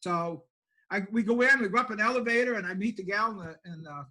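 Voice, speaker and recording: A man's voice: high-pitched, quick pace, sharp tone, poor audio. An older man, a country pastor telling stories in a plainspoken, self-deprecating way during an interview. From Maine, USA. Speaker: pastor and homeless shelter director. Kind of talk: folksy storytelling in an interview.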